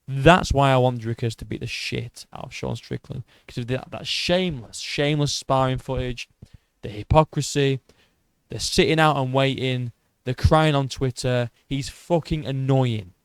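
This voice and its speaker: Mocking ranty guy doing commentary, middle pitch, clean resonant voice. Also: normal speed, clear, resonant tone, no room sound. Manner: sarcastic, mocking, exasperated. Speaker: MMA commentator. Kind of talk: ranting commentary.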